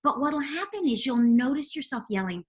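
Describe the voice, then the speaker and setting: A woman's voice: sits high, lively intonation, moderate pace. A woman guest in an interview, earnestly explaining parenting advice step by step. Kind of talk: interview answers.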